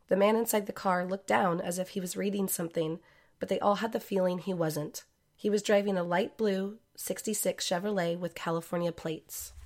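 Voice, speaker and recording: A woman narrating a true-crime story in a measured, scripted way. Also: medium pitch, darkish tone.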